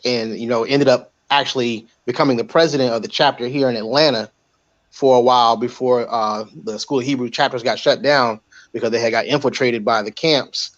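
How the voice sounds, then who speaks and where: A man on a panel talking casually, relaxed and rambling with plenty of fillers. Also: mid-range voice. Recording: dull lo-fi mic.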